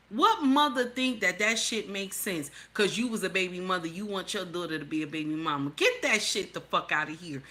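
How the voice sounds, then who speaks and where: A woman's voice: fairly low pitch, brisk, few pauses, bright, forceful tone. A middle-aged woman hosting a reaction video, blunt and heated, lecturing her viewers with heavy cursing. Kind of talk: profane reaction commentary.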